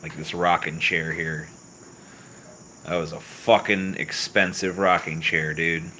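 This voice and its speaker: A man hosting a livestream and answering chat, with profane, mocking, deadpan replies. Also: low voice, slow, a little hiss or hum, rough recording. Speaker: livestream host reading chat. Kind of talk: crude, sarcastic livestream chat.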